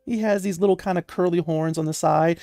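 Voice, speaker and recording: A man's voice: on the high side, fairly even intonation, brisk, warm tone, dry recording, clean studio sound, faint music behind. A man narrating as game master of a tabletop game, chatty and laughing, with many fillers.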